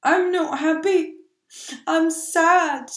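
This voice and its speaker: A woman voicing a sad, hungry little boy in a children's story, speaking in a whiny, high, sing-song way. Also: steady tone, extremely slow, roomy sound, full character voice.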